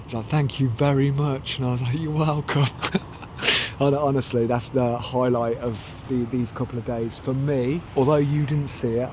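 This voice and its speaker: Male vlogger, mid-pitched, loose rambling chat, slight background noise. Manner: rambling, chatty, self-correcting. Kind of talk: casual vlog chat. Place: outdoors, then inside a parked van.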